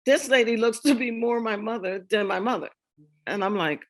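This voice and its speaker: A middle-aged woman telling her family history to an audience, lively and laughing often as she acts out the conversations. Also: a little high, moderate pace. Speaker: speaker sharing a family memoir. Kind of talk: storytelling talk with slides.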